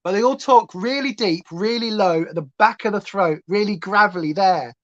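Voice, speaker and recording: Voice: mid-range voice, moderate pace. A livestream host with a Northern English accent chats casually while putting on makeup. The talk rambles from tangent to tangent in a loose, chatty way. The recording sounds a little dull and lo-fi.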